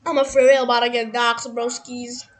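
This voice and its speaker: A young gamer giving casual gameplay commentary, hoarse from screaming and talking in an excitable, dramatic, complaining way. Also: mid-range voice, normal speed, music in the background.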